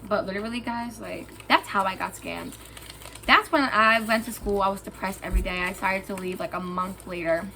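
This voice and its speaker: Animated, bright-voiced young woman. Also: mid-range voice, a little fast, gravelly, slight background noise. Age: young adult. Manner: animated and expressive, heated and emphatic. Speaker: vlogger. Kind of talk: storytime vlog.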